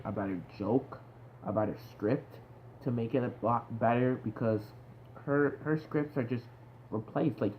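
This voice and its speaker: Young guy ranting casually about a show, lots of "like", bursts of excitement, muffled lo-fi sound with faint hiss. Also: medium pitch. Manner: animated, exclamatory, with frequent "like" fillers. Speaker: reviewer. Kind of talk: casual spoken review. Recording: dull lo-fi sound with faint background noise.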